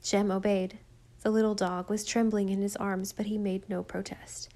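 Woman reading a gentle storybook. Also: medium pitch, flat delivery, moderate pace. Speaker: audiobook narrator. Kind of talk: storybook narration.

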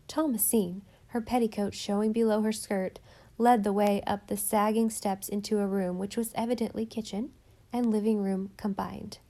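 A woman narrating a story in a measured, even reading voice. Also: mid-range voice. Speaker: audiobook narrator. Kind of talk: scripted narration.

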